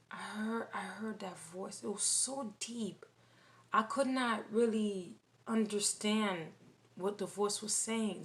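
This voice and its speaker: Slow, halting woman recounting a dream. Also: medium pitch. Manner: halting, repeats phrases, many restarts. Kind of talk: casual spoken testimony.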